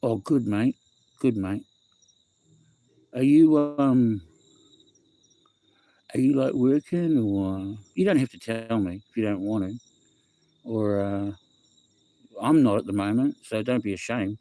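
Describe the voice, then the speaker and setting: A man's voice: fairly low pitch, slow, pauses often, mellow. A young man with a New Zealand accent chatting on a home livestream, rambling through a story and greeting viewers by name. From West Auckland, New Zealand. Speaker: livestream host. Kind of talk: casual livestream chat.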